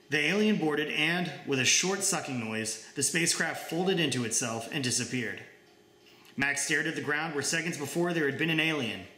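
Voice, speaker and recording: Young man, author reading a story, bright tone, echoey room. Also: a little high, expressive, normal speed. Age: young adult.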